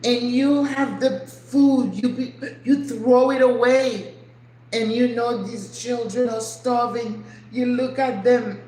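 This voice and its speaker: In her home kitchen, an older woman running her channel cooks and chats casually in a fairly high, mellow voice, slow-paced and fairly even. She's earnest and emotional, leaning on rhetorical questions, and the audio has kitchen echo and faint ambient noise.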